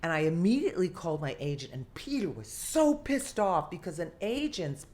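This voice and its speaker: An older woman, an actress telling a lively story from her career in an interview, often acting out what people said. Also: lowish voice, moderate pace. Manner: animated, theatrical storyteller who acts out quotes. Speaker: guest actress.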